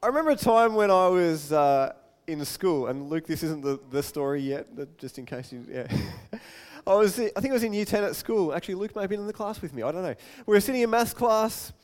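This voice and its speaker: A male pastor preaching a sermon in a chatty, animated way with light self-deprecating humour and quick asides. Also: high-pitched.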